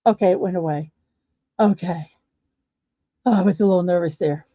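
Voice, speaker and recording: Chatting with her audience and reading their comments out loud, a woman hosts a casual livestream in a fairly low voice at a moderate pace. The sound is dry, dull and lo-fi, without any echo.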